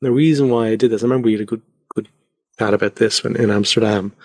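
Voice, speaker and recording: Low-voiced man chatting from home. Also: fairly even intonation, quick pace, darkish tone, dry recording, clean studio sound. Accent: Irish. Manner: reflective, loose and rambling with many fillers. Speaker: podcast guest. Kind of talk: casual conversational interview. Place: converted attic at home.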